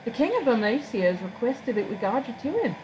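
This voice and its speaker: A woman's voice: fairly high pitch, sing-song, brisk, mellow, slight background noise, voice pushed up, rough recording. A woman voicing a formal, courteous town guide who speaks in stiff, ceremonial phrases.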